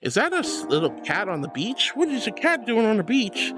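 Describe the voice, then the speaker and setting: A woman's voice: a little high, very animated, a little fast, hardly any pauses, music in the background. A woman live-streaming and chatting casually with viewers, affectionate and giggly, calling them sweetheart and hon. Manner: giggly, bubbly. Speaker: livestreamer.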